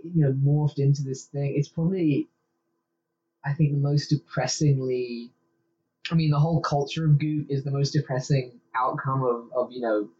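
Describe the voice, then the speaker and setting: A man co-hosting a casual comedic podcast, making wry jokes and quick asides. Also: medium pitch, fairly even intonation, mellow. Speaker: podcast co-host. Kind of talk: casual comedic review chat. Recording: slightly dull with faint noise.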